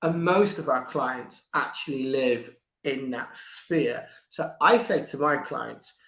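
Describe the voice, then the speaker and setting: An older man, a book coach, talking in a conversational interview, lively and restarting his sentences, sometimes acting out quoted voices. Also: mid-range voice, slow, creaky. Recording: echoey room.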